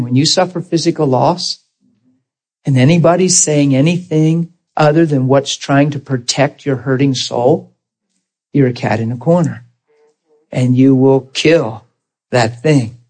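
A man preaching to a congregation through a personal story, his voice husky and breathy at a middle pitch. He talks earnestly and acts out both sides of the conversation as he goes. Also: a little slow, poor audio. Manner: earnest, animated retelling with quoted dialogue. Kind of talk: storytelling sermon.

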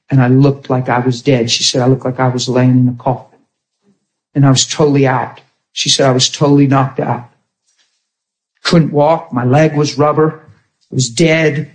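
A man preaching a sermon, telling a personal testimony in an animated way, swinging from hushed to emphatic. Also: mid-range voice.

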